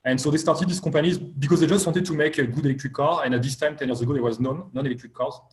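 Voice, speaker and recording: A man's voice: on the high side, steady tone, quick pace, reverberant. A man speaking as a guest investor in a live online interview, talking hesitantly with many fillers.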